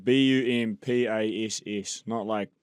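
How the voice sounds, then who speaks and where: A man's voice: on the low side, fairly even intonation, a little slow, background noise. A man, the show's producer, chatting in a dry, teasing, reluctant way. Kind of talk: casual chat.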